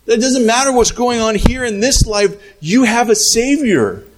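A man preaching a sermon as a pastor, lively and conversational, acting out little scenes and sometimes shouting. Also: very high-pitched, measured pace, poor audio.

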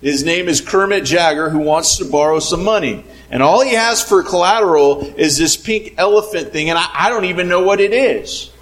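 A man's voice: sits high, moderate pace, hardly any pauses, fairly bright tone. A man voicing a polite, unsure male bank loan officer in a joke. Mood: puzzled.

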